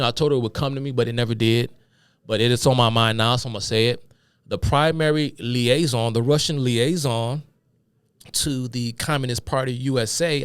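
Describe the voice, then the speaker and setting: A man's voice: medium pitch, smooth, no room sound, studio quality. A man speaking hosts a solo political commentary, reading quotes aloud and breaking off into heated, profane rants. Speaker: commentary host.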